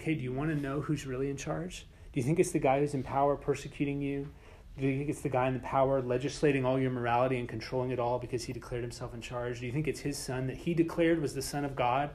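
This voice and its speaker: A man teaching a Bible class in a relaxed, conversational way, getting animated and sometimes dropping to a whisper for emphasis. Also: mid-range voice.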